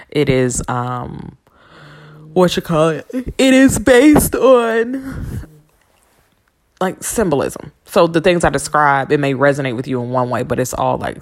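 A woman with a low voice and a gravelly edge hosts her own podcast as a spiritual reader. She talks candidly and bluntly, with plenty of swearing, telling personal stories in a loose, conversational way. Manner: frank, profane storytelling with laughs. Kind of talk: candid solo podcast talk.

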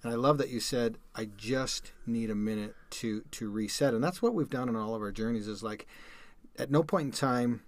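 A man's voice: mid-range voice, normal speed, dry recording. A man hosting a podcast interview, reflecting on lessons from the guest's story. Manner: reflective, drawing life lessons. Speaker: podcast host. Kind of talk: conversational interview.

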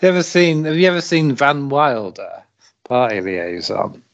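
A man's voice: mid-range voice, big pitch swings, normal speed, vocal fry, dull audio. A man from Britain co-hosting a podcast in laid-back casual chat, laughing a lot and using British slang. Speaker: podcast co-host.

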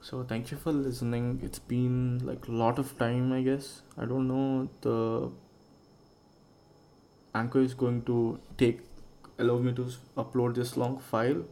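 A man's voice: mid-range voice, little pitch movement, measured pace, warm tone. A young man hosting a casual solo podcast, rambling and musing aloud and swearing freely. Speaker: podcast host.

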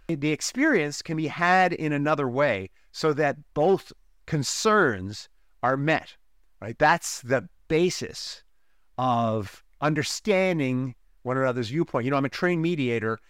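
A man's voice: mid-range voice, fairly bright tone, dry recording. Dry, close-miked male podcast host. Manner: conversational, often checks in with "right?". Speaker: podcast host and relationship coach. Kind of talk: podcast monologue with personal stories.

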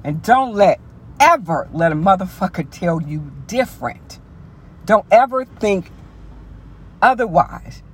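A woman's voice: medium pitch, expressive, a little slow, long pauses, husky. A woman hosts a podcast with a loose, casual motivational monologue. She talks bluntly and emphatically, swears freely, and repeats key lines for weight. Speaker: podcast host.

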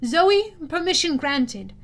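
A woman's voice: sits high, sing-song, voice pushed up, full character voice. Woman voicing a stern young goddess. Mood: stern calm. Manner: measured, commanding, cool. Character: stern, calm young goddess of the hunt, girl.

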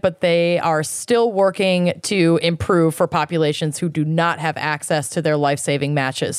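A woman's voice: fairly low pitch, no echo, clean studio sound. A woman co-hosting a podcast, chatting and joking with friends, then earnestly reading a listener's plug for a cause. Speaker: podcast co-host.

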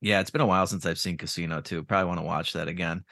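Man, low voice, profane sarcastic rant, casual chat, dry close sound. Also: steady tone, racing, creaky, pushed and bright, no echo.

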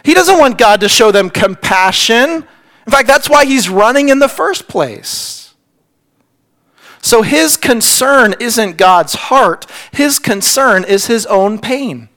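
High-voiced earnest male pastor preaching. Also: expressive, slow. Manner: earnest, repeats words when stressing points; drops to a hushed near-whisper on key lines. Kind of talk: sermon.

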